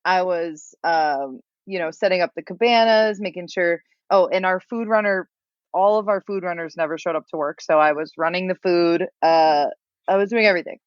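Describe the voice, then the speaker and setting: A woman's voice: lowish voice, dry recording. Young woman, podcast guest, casual self-mocking story, muffled lo-fi, dry. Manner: rambling, self-mocking, laughs a lot.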